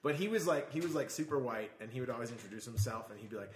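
A man's voice: medium pitch, animated, rapid-fire, a little hiss or hum. A man co-hosting a podcast in casual chat, joking and rambling with lots of fillers. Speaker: podcast co-host. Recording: roomy echo.

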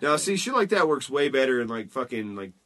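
A man's voice: mid-range voice, big pitch swings, a little fast, a bit bright, slight background noise. A young man telling rambling, profane stories in casual chat with friends. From southern United States.

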